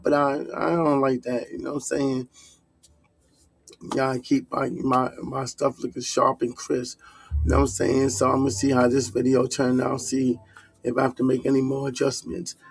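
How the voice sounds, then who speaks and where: A man's voice: mid-range voice, creaky. A man with a New York accent, talking loosely in slang and growing heated in a casual commentary vlog. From Harlem, New York. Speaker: vlogger.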